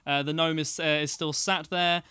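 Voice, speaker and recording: Game master, male, bright and crisp voice, loose rambling narration. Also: fairly high pitch, steady tone, moderate pace, no echo. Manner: rambling with many fillers and restarts, laughs easily.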